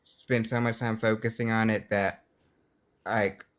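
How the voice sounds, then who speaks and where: A young man, a student, chatting casually, halting and leaning on "like" as he searches for words. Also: lowish voice, little pitch movement. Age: young adult. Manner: halting, fillers like "like", self-conscious laughs. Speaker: student guest. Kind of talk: casual chat.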